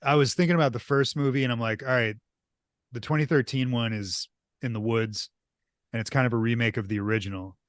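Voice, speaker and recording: A man's voice: mid-range voice, steady tone, no echo, studio quality. Easygoing man co-hosting a podcast. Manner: easygoing, agreeable, quick interjections. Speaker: podcast co-host. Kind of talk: casual chat about horror movies.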